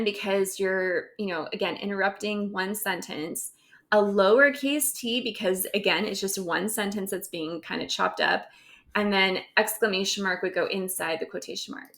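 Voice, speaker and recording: With a mid-range, creaky and somewhat bright voice, this teacher explains grammar one step at a time while presenting slides. She keeps asking "right?" to check in with her listeners.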